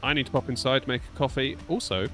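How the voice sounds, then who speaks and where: A man's voice: mid-range voice, quick pace, bright, forceful tone, soft background music. A man streaming a flight simulator, chatting casually with his viewers between radio calls and sounding a bit sleepy. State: sleepy, yawning. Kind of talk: casual live-stream chat.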